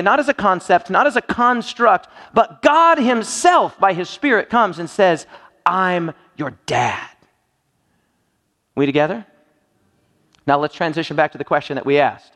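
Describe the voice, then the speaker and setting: A man's voice: sits high, animated, moderate pace, a bit bright. A man preaching a sermon in a church hall, joking and quizzing his listeners with playful questions. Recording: long reverb of a large hall.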